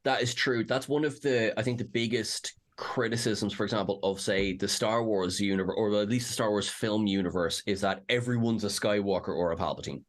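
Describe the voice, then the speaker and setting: A man's voice: fairly low pitch, fairly quick, few pauses. A man co-hosting a casual fan discussion, rambling through self-deprecating asides. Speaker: co-host. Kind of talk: casual chat.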